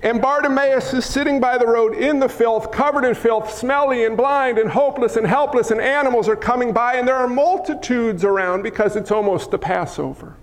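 A man's voice: very high-pitched, fairly quick, few pauses. A man preaching a sermon as a dramatic story, with repeated lists and rhetorical questions, sometimes dropping to a whisper. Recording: long hall reverb.

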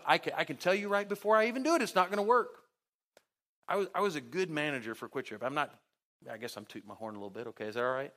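A man preaching a sermon as pastor, talking conversationally with sarcasm, his pitch and loudness jumping as he acts out quotes. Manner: big swings in pitch and loudness.

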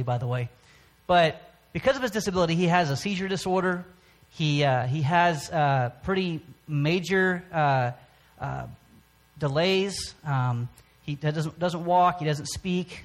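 Man, church testimony, halting, high voice, many restarts. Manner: halting, with frequent restarts and pauses. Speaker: church speaker. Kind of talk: personal testimony sermon.

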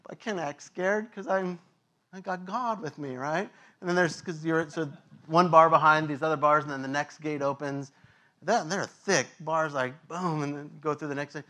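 A male pastor preaching a sermon, telling an animated story that acts out voices and sound effects, with many fillers and laughs. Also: on the high side, moderate pace.

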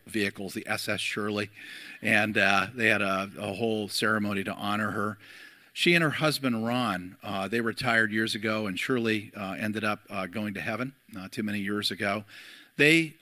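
A man's voice: fairly low pitch, pushed and bright, no room sound. A middle-aged man, a pastor, preaching a sermon and telling a story to his church, with frequent fillers.

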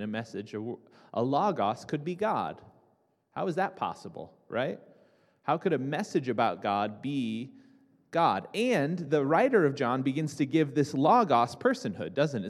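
A young man preaching a sermon to a congregation, talking casually with restarts and asides. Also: medium pitch. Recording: reverberant hall.

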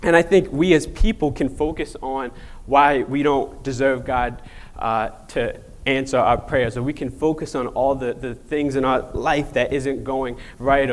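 A young adult man preaching in a relaxed, conversational way, often repeating words and using fillers. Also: medium pitch. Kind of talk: casual conversational sermon.

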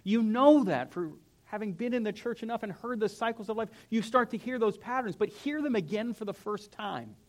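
A young man, a pastor, preaching a sermon in a church in an animated, conversational way. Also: high-pitched, brisk, hardly any pauses. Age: young adult. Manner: animated, conversational, acts out whiny voices. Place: church sanctuary.

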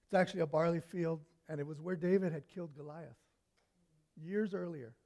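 Guy preaching, high voice, gets loud then drops real quiet, storytelling. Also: brisk. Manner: animated storytelling, swings from loud to hushed. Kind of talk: sermon.

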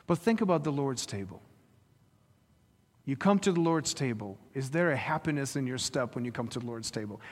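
A man's voice: mid-range voice, expressive, fairly quick. A man preaching a sermon, retelling a story and pressing his listeners with rhetorical questions. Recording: reverberant hall.

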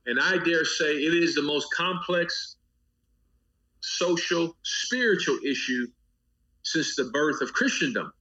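A man's voice: fairly high pitch, bright, forceful tone, dull audio. A man, a pastor speaking as an interview guest, talking with a preacher's rhythmic cadence, repeating phrases and building long lists. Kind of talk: impassioned interview talk.

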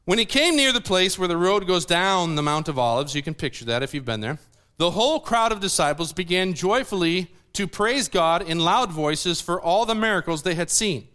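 Bright, high-voiced joking pastor. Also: male voice, expressive, moderate pace, clean tone. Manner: playful, joking asides between scripture readings. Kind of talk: sermon. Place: church sanctuary.

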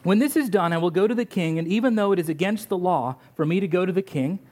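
A man's voice: sits high, fast talker, a little mellow. A preacher voicing a brave young queen, earnest and resolute as she speaks for her people.

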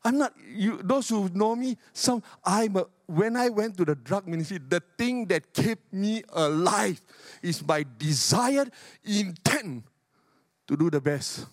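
An older man, a retired pastor, preaching a sermon with emphatic, repetitive phrasing and big swings in pitch. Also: animated, unhurried, dry recording, clean studio sound.

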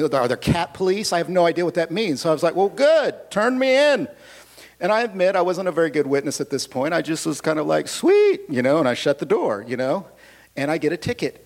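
A man preaching a sermon, telling a humorous personal story with asides and questions to the audience. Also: fairly high pitch. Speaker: pastor.

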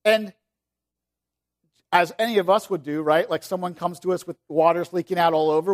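A pastor delivers a conversational sermon at normal speed, frequently restarting his sentences. He swings between loud, stressed phrases and quiet, low ones.

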